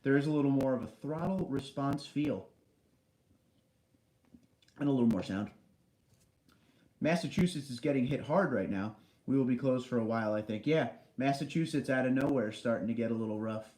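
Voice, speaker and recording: A man hosts a relaxed livestream, reading out viewer comments and chatting back at them. His voice sits at an ordinary middle pitch. It rings with the echo of a big basement room. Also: moderate pace, long pauses. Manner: chatty, reads comments aloud and answers them. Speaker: livestream host. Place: large basement room indoors.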